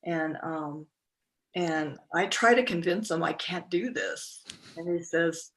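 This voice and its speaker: A middle-aged woman recounting a personal story as a podcast guest, speaking haltingly with many fillers and restarts. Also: on the low side, a bit bright.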